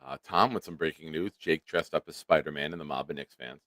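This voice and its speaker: A man with a low-pitched voice hosts a casual sports livestream. His sound is dry and close to the mic, and his talk is loose, profane, and quick to laugh. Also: a bit bright, dry recording. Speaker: livestream sports show host. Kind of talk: casual live-stream chat, reading viewer comments.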